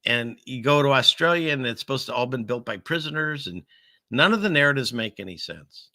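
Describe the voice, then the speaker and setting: Bright-voiced joking male host. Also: medium pitch, expressive, fairly quick, no room sound, studio quality. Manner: rambling, joking, sarcastic asides. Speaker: show host. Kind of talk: casual news commentary.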